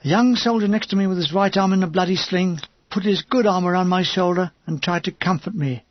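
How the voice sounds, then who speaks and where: A man reading a war memoir aloud in an understated, measured first-person manner. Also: sits high, no room sound, dull audio. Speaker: audiobook reader. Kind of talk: audiobook memoir narration.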